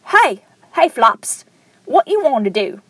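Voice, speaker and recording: A woman's voice: high-pitched, big pitch swings, slow, fairly bright tone, husky, no room sound, full character voice, poor audio. A woman mimicking a bored cartoon vulture guy. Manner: mock English accent, repetitive back-and-forth. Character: bored male cartoon vulture on a dead tree.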